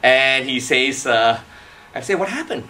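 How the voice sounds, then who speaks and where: Animated man telling a story on stage. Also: mid-range voice, unhurried, a little hiss or hum. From Malaysia. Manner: animated, acts out dialogue with laughs. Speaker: motivational speaker. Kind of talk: storytelling talk to a live audience.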